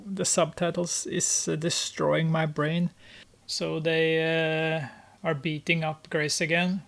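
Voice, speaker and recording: Slow, hesitant gameplay commentator. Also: medium pitch, fairly bright tone. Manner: narrates with many hesitations and amused exclamations. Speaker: gamer.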